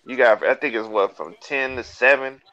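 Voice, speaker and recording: Bright-toned, rambling, cussing man. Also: medium pitch, normal speed. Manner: rambling, heavy cursing. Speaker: podcast co-host. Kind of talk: casual chat. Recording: dull lo-fi sound.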